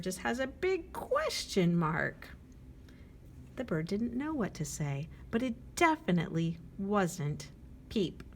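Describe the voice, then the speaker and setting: Animated woman reading to children. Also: medium pitch, a little hiss or hum. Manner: animated, asks children questions. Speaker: children's librarian. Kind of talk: storytime read-aloud.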